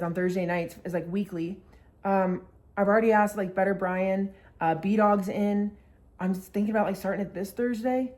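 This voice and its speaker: A woman's voice: mid-range voice, darkish tone. A young woman vlogger telling a story casually, swearing a lot and acting out the quotes.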